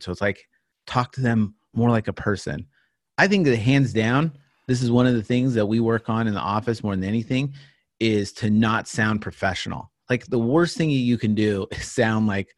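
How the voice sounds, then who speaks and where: A man's voice: lowish voice, no room sound. Dry-sounding chatty male co-host. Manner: chatty, laughs often, restarts sentences. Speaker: podcast co-host. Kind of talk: casual chat.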